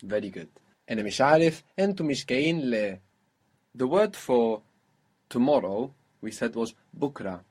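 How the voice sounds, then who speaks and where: A man leads a spoken language lesson with a patient, encouraging manner. His voice has a slight husky edge at an ordinary middle pitch. He asks questions, waits for answers and repeats phrases slowly. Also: lively intonation, darkish tone. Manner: patient, prompting questions, slow model phrases. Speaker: language teacher.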